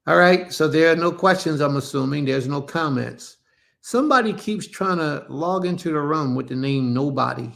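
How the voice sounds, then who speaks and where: A man's voice: fairly high pitch, moderate pace, vocal fry, a bit bright. A man leading an online religious service over a live stream, preaching casually, repeating himself for emphasis and calling his listeners family. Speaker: congregation leader.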